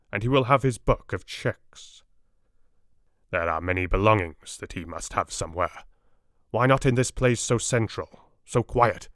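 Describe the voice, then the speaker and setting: A man reading a wise, earnest elderly Dutch professor in an audiobook, speaking in broken, measured English. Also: on the low side, fairly bright tone, no room sound, clean studio sound, natural voice. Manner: broken, foreign-sounding English phrasing, grave and measured.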